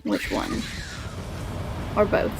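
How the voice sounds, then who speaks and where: A young woman from Alabama chats in a bubbly, giggly way with a Southern accent while streaming a game. She draws out her words, and faint music plays behind her during this casual livestream chat.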